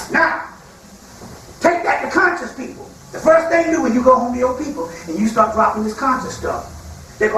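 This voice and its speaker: High-voiced man lecturing in an echoey hall. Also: a bit bright. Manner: colloquial storytelling, acts out quoted people. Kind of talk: spiritual lecture to a live audience. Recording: echoey hall from far off, faint noise.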